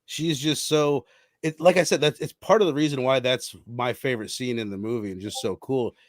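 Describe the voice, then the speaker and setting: A man co-hosting a casual film podcast, talking in an animated way and playfully quoting lines. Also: medium pitch, brisk, no echo, studio quality. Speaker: podcast co-host.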